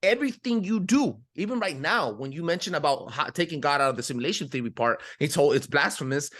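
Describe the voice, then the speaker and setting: A man from California hosting a podcast, talking casually with heavy swearing and emphatic, animated storytelling. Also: on the high side, a little fast. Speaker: podcast host. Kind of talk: casual chat.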